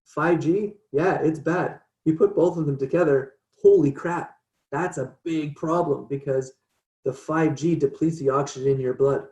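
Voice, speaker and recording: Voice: medium pitch, darkish tone, lo-fi sound. Podcast guest, emphatic casual talker, echoey room. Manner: emphatic, quick agreeing interjections. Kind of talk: casual chat.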